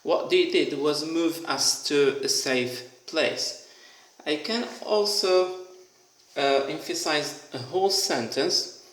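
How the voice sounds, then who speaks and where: A man teaching an English grammar lesson, explaining step by step and repeating example sentences slowly and deliberately. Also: fairly high pitch, fairly bright tone. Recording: echoey room.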